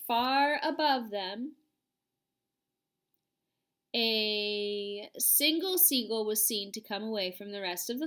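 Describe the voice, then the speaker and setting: A woman reading a children's storybook aloud in an animated, expressive way. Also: high voice. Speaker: reader.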